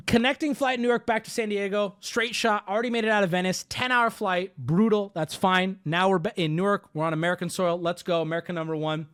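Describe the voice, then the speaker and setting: A man streamer telling a story casually to his audience, animated, profane and exaggerated. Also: sits high, quick pace, few pauses, clear, resonant tone.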